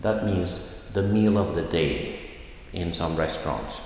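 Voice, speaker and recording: A Swedish man teaching a language lesson, slowly modeling phrases with clear stress. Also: deep voice, a little mellow, slight background noise. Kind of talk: recorded video lesson. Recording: echoey room with long reverb.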